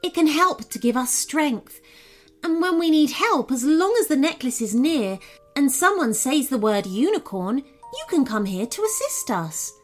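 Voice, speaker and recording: Woman doing a gentle female unicorn, earnest, pleading, bright storybook voice. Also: sits high, big pitch swings, moderate pace, faint music behind, voice pushed up. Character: kind female unicorn with red horn.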